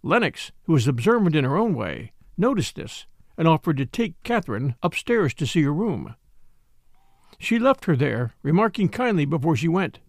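A man narrating a novel in a scripted reading. His pitch is lively and slightly raised. The recording is close and dry. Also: moderate pace, dry recording. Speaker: audiobook narrator.

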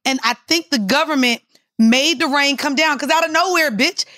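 Podcast co-host, woman, high and bright, loud opinionated rants. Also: normal speed. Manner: profane, emphatic, ranting. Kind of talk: casual chat.

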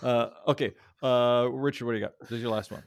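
A man's voice: mid-range voice, fairly even intonation, fast talker, gravelly. A man with a mid-range voice hosts a casual podcast. He is easygoing and laughs often as he hands the turns around. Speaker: podcast host. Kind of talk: casual chat.

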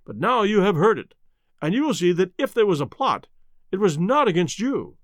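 A man's voice: sits high, very animated, normal speed, no room sound. A man reading aloud, voicing a nervous, cornered middle-aged male butler who stammers and pleads. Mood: defiant.

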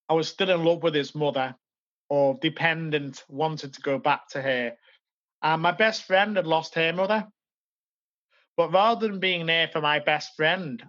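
A man's voice: a little high, a bit bright. Earnest man, lo-fi podcast audio. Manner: earnest, with halting restarts. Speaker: podcast guest. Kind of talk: reflective personal storytelling.

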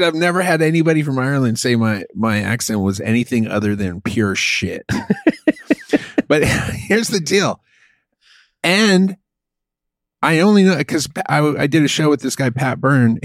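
A man co-hosting a comedy podcast in crude, excitable banter. His voice is dry and close, with no room sound around it. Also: mid-range voice, unhurried, dry recording. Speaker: podcast co-host. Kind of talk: casual comedic chat.

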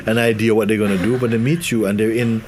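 A man's voice: fairly low pitch, flat delivery, quick pace, a little mellow, slight background noise. A man giving a spiritual talk to an audience, laughing often and acting out the voices of the people he quotes. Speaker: spiritual teacher.

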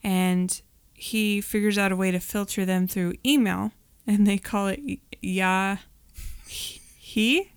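A woman's voice: medium pitch, steady tone, normal speed, hardly any pauses, clear, resonant tone, no echo. A woman in her thirties co-hosting a podcast, chatting casually with wry asides and lots of fillers. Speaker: podcast co-host. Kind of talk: casual movie rewatch chat.

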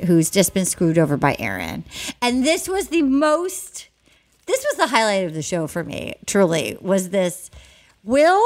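A woman hosting a podcast, recapping a reality show in an excited, gossipy, rapid way. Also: high-pitched. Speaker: podcast host. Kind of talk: casual chat.

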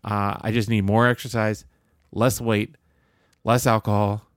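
A man's voice: lowish voice, level tone, unhurried, clear, resonant tone, no room sound, studio quality. A man co-hosting a podcast, teasing and sarcastic in casual banter. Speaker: podcast co-host.

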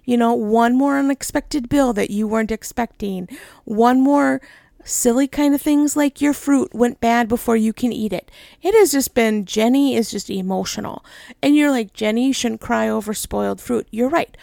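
A woman's voice: a little high, moderate pace, creaky, warm tone, no room sound, clean studio sound. A middle-aged woman who leads a ministry, talking candidly and emotionally, laughing often and rambling with "right?" tags. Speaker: ministry leader. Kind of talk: candid personal talk.

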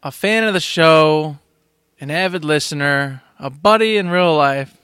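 A man co-hosting a podcast with a high, bright voice that swings widely as he tells stories. He chats casually and animatedly. The sound is dry and close. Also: a little slow, clean tone, dry recording. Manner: animated storyteller. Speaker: podcast co-host. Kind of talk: casual chat.

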